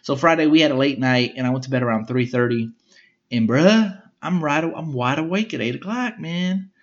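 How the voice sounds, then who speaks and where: Heard through dull audio, a young man hosting a podcast speaks at a moderate pace in a medium-pitched voice. His casual storytelling monologue rambles, leans on slang, and is full of frequent swearing.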